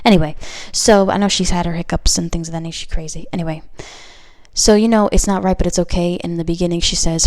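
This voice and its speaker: A woman's voice: on the low side, fairly even intonation, quick pace, darkish tone. A young woman giving a casual tarot reading to camera, chatty and full of "like" and "okay?". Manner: chatty, heavy use of "like" and "okay?". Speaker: tarot reader.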